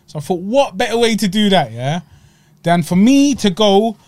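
Podcast host, male, Egyptian roots, lightly raised pitch, chatty and animated. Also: normal speed, slight background noise. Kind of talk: casual chat, food review.

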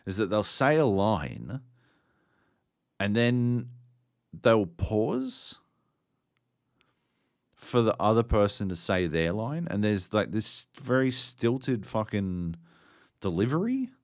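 A man's voice: fairly low pitch, sing-song, takes it slowly, long pauses, no echo, studio quality. A man co-hosting a podcast, ranting sardonically and swearing constantly in casual chat. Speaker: podcast co-host.

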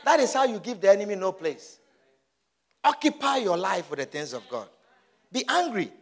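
A man's voice: sits high, sing-song, moderate pace, creaky. A man preaching a sermon, urging his listeners with emphatic, repeated exhortations.

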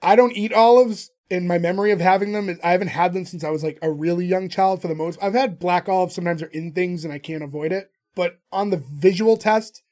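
A man's voice: high voice, fairly quick, few pauses, a little mellow. A man co-hosting a podcast, casually recapping an episode and telling stories. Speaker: podcast co-host. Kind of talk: casual chat.

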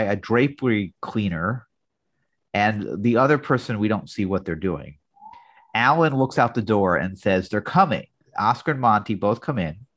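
A man's voice: lowish voice, fairly bright tone. A man co-hosting a podcast, casually recapping a sitcom episode and reading its lines. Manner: narrates scenes plainly, reads quotes. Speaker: podcast co-host.

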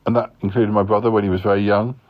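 A man hosting a podcast, narrating a year review in a relaxed, dry way. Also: fairly low pitch, quick pace, dull audio. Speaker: podcast host.

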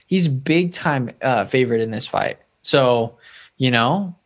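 Man in casual podcast chat, playful, slangy, mid-pitched. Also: animated, unhurried. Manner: playful, hypes fighters with slang. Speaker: co-host making fight picks.

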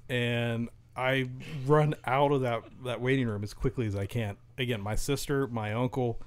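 A man's voice: medium pitch, normal speed, smooth. Man telling a funny story, laughing. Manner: animated storyteller, breaks into laughter. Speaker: podcast regular telling a story. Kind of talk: casual chat.

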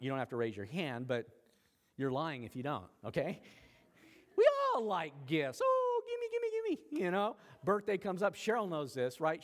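Man preaching in an echoing hall. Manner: conversational preaching with sudden rises in pitch and volume. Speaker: pastor. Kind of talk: sermon.

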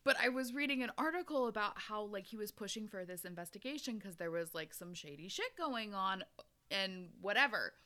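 Lively bright-voiced woman chatting loosely. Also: mid-range voice, brisk. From Pacific Northwest of the US. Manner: rambling, filler-heavy, swears casually. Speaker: podcast co-host. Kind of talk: casual chat.

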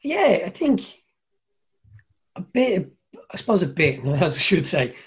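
A man's voice: sits high, big pitch swings, a little slow, breathy edge. A man with an Irish accent telling long, rambling stories in a casual chat, swearing freely and mimicking people.

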